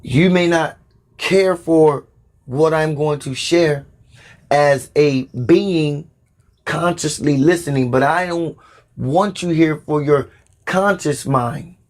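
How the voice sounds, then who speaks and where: A man hosting a spiritual podcast, delivering a sermon with slow, deliberate, preacherly emphasis. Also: fairly high pitch.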